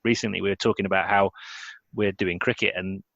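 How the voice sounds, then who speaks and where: Fast-talking male host, dull dry audio. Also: deep voice, steady tone, vocal fry, a bit bright, no echo. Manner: rambling, searching for words. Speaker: podcast host. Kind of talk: conversational interview.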